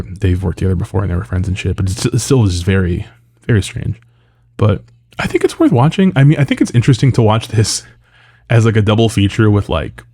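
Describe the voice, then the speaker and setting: Man, low voice, casual rambling film reviewer, lots of fillers, swears freely. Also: warm tone.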